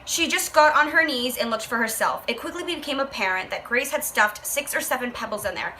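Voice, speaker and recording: A woman's voice: a little high, brisk, bright, forceful tone, slight background noise, rough recording. A young woman vlogger reading a book aloud and reacting with profane, exasperated commentary. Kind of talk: casual rant, reading aloud.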